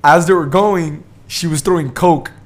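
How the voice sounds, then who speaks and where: A man's voice: fairly high pitch, normal speed, a crowd in the background. A man retelling a funny story to friends in laid-back slang, swearing freely. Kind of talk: casual chat among friends.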